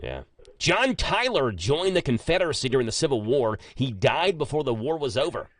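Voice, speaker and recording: A man's voice: mid-range voice, moderate pace, no room sound. A man hosts a morning radio show, his voice swinging up and down as he jokes and tells stories. He sounds close and dry in the studio. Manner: chatty, joking, animated storyteller. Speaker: radio host. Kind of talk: casual morning radio chat. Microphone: studio microphone.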